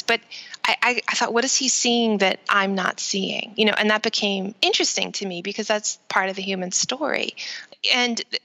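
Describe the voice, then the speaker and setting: A woman author talks through anecdotes in an interview, slipping into quoted exchanges as she goes. Her voice is bright and forward, and her pitch sits in the middle range. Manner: animated storytelling with quoted dialogue. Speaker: author and guest. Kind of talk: interview conversation.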